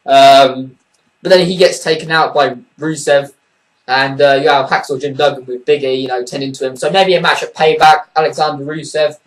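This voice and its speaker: A man's voice: a little high, fairly even intonation, moderate pace. Blunt, profane man, distant from mic. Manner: blunt, profane, dismissive, rambling with fillers. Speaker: wrestling show reviewer. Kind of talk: casual spoken review.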